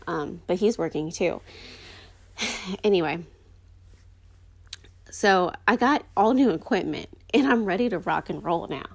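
A woman's voice: on the low side, animated, unhurried, gravelly, pauses often, slightly rough. A young woman hosting a podcast alone in rambling, chatty talk full of fillers. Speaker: podcast host. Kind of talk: casual solo podcast chat.

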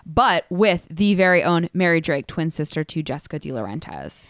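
Lower-voiced woman laying out details. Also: lively intonation, normal speed, fairly bright tone, no echo, studio quality. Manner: methodical explainer, wry. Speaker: podcast co-host. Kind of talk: casual chat recapping a TV show.

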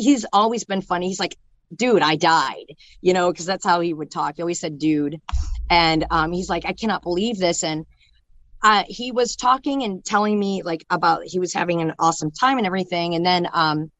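A young woman telling an emotional personal story in a halting way, full of fillers and restarts. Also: fairly low pitch, a bit bright, dry recording. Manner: halting, filler-heavy talk with many restarts. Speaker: storyteller sharing a personal loss.

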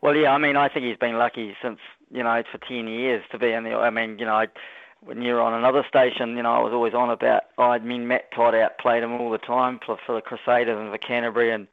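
A man's voice: medium pitch, little pitch movement, quick pace, no echo. A man on a phone line to a radio show, rambling and hesitant with many fillers. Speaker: regular phone-in guest. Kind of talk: casual radio chat. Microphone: telephone.

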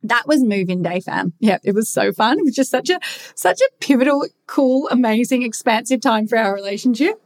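A woman's voice: fairly high pitch, fairly quick. A young woman talking bluntly in a casual confessional monologue, swearing freely as she rants.

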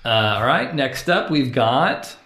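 A man's voice: medium pitch, big pitch swings, slow pace, bright, forceful tone, echoey room. A man hosting a casual podcast chat, explaining things to a friend and laughing often. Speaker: podcast host.

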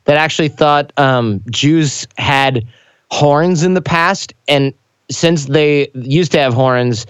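A man talking bluntly and jokingly in a casual podcast chat, quick with opinions. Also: on the high side, clean tone, no echo.

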